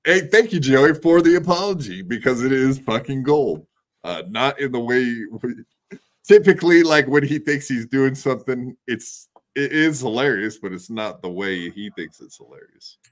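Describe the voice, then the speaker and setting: A man's voice: medium pitch, expressive, normal speed. A man hosting a podcast in casual chat, often laughing and swearing. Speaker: podcast host.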